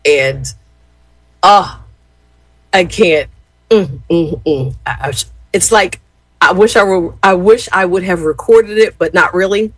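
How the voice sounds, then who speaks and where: A woman's voice: lowish voice, unhurried, pauses often, a bit bright, dry recording, poor audio. A woman in her fifties telling a rambling family story to her viewers, chatty, with lots of fillers and "y'all". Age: 50s. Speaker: former gospel radio host.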